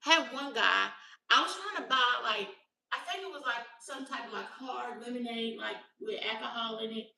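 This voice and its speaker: A woman's voice: a little high, moderate pace, creaky, sharp tone, echoey room, distant mic, slight background noise. A woman in her thirties from Alabama with a Southern accent and a youthful-sounding voice, rambling through casual stories to her viewers. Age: 30s. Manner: chatty, rambling storytelling. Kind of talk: casual vlog chat.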